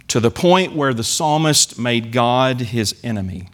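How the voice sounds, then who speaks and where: A man's voice: medium pitch, normal speed, hardly any pauses, a bit bright. A man preaching a sermon in church, earnestly acting out the psalmist's pleas. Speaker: pastor.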